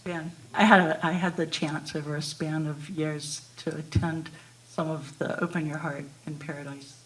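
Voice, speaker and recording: A woman's voice: low voice, steady tone, normal speed, fairly bright tone, rough recording. A woman from the audience asking a question into a handheld mic, hesitant and searching for her words. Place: ashram hall at a live retreat.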